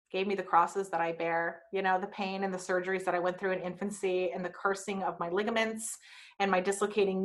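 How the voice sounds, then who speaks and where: A woman's voice: mid-range voice, a bit bright. A woman hosting her own podcast, telling a personal story frankly with swearing and wry asides. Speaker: podcast host.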